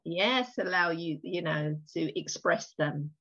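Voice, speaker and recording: Lively English woman, podcast guest, casual, slightly muffled line. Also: lowish voice, takes it slowly. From England. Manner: animated, lively storytelling with laughs. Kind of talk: casual conversation.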